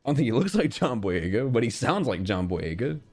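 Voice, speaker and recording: A man's voice: mid-range voice, big pitch swings, brisk, darkish tone, faint music behind. A young man streaming casually, reacting bluntly to a quiz with frequent swearing and reading out chat.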